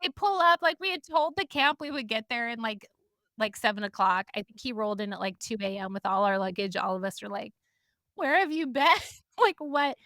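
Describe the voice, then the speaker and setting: A woman's voice: medium pitch, a little fast, bright, forceful tone, dry recording, clean studio sound. A woman co-hosting a podcast, telling stories in casual chat and laughing often. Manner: chatty storyteller, laughs often. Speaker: podcast co-host.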